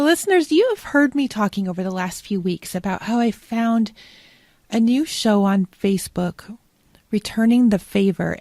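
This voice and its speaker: A woman podcast host warmly introducing her guest in an enthusiastic, effusive way. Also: fairly high pitch, no room sound. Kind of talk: interview introduction.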